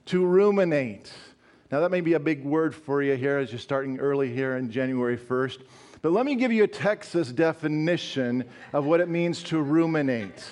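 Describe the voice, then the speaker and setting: Male pastor, middle-aged, from rural Colorado; high-pitched, emphatic, repetitive sermon delivery with questions to the room. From northeastern Colorado. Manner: emphatic, repeats phrases, asks the congregation questions.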